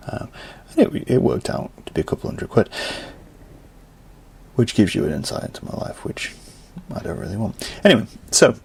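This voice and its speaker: A young man hosting a podcast, ranting casually and swinging from low muttering to loud exasperated outbursts. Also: vocal fry, slightly rough. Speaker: podcast host.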